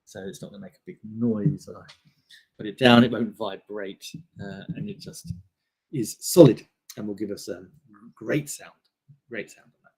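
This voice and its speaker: Aussie guy livestreaming gear, low husky gravelly voice, rambly w/ lots of ums. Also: normal speed, darkish tone. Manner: chatty, rambling, lots of fillers. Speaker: live stream host. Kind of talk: casual live stream product walkthrough. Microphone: desk microphone on a table stand.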